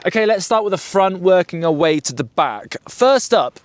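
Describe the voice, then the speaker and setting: A man's voice: high-pitched, sing-song, moderate pace, no room sound. A British man chatting to camera about his motorbike, jokey and full of slang and banter. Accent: British English. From United Kingdom. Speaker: motorbike vlogger. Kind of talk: casual chat to camera.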